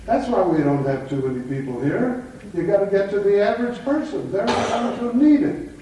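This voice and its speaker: A man's voice: high voice, lively intonation, brisk, dark tone, slight background noise. A man giving a lecture, telling jokes and anecdotes in an easy storytelling way. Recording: echoey room from far off.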